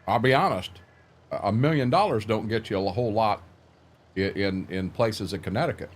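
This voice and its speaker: A man's voice: on the low side, brisk. An older man hosting a live stream, chatting casually in a plainspoken, rambling way and repeating words as he thinks. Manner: plainspoken, folksy.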